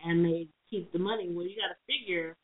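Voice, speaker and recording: A woman's voice: on the low side, brisk. A woman co-hosting a podcast who gives money advice in a casual, rambling way, full of "you know"s. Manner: rambling, thinks aloud with many "you know"s. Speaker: podcast co-host. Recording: phone-like lo-fi recording.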